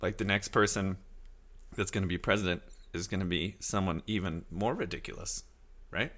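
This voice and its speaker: A man in his thirties hosting a casual solo podcast, rambling loosely and reacting to his chat, now and then slipping into high silly voices to quote people. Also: fairly even intonation, normal speed, a bit bright. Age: 30s. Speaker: podcast host.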